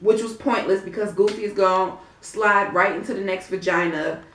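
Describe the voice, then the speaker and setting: A woman's voice: mid-range voice, normal speed, fairly bright tone. A sassy, outspoken woman recaps a reality show episode in casual, blunt talk. Her voice carries a roomy echo. She sits at some distance from the mic. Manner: sassy, blunt, swears freely. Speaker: TV recap vlogger.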